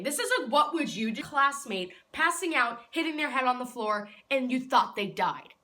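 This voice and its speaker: A teenage vlogger speaks straight to the camera in a bright, forward, fairly high and sing-song voice, at a moderate pace with hardly any pauses. She tells her story in a casual, chatty way, using "like" in nearly every phrase and getting loud and indignant when things turn dramatic.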